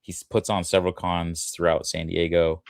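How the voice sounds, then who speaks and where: A man's voice: deep voice, flat delivery, normal speed, gravelly, no echo, clean studio sound. A man co-hosting a fan podcast, talking casually and laughing easily as he shares plans. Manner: laughs easily, breaks into goofy impressions. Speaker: podcast co-host. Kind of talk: casual chat.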